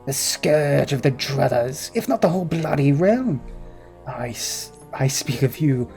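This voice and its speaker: A crude, blustering tavern keeper drawls in a put-on pirate-like accent, as a gamer voices him. The delivery is slow and bawdy, with a mellow tone. Faint game music sits underneath. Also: mid-range voice, expressive. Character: gruff, foul-mouthed tavern keeper, middle-aged man. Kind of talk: voice-acted game dialogue reading.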